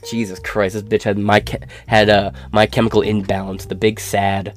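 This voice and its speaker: A man's voice: lowish voice, little pitch movement, moderate pace, hardly any pauses, faint music behind. A man ranting through a commentary with crude, profane, sneering talk.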